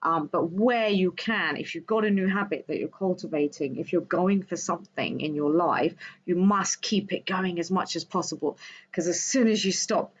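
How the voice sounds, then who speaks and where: A woman's voice: on the low side, normal speed. Woman, livestream host, casual emphatic monologue to viewers, dull lo-fi sound. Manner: passionate, emphatic, talks to viewers directly. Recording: slightly dull lo-fi audio.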